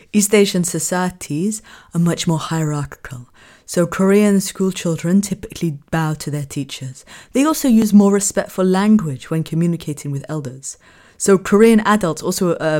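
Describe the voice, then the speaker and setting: British woman lecturer, lowish voice, chatty and prone to laughing. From Britain. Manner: laughs often, fillers, animated when amused. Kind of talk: lecture on cultural communication.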